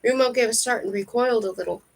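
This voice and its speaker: A woman reading a fantasy novel aloud in steady storybook narration. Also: on the high side, fast talker, gravelly, poor audio. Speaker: reader.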